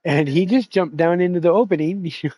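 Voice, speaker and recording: After a sim race stream, this host keeps talking in a loose, profane, rambling way, laughing a lot. He speaks briskly with a high-pitched, warm voice.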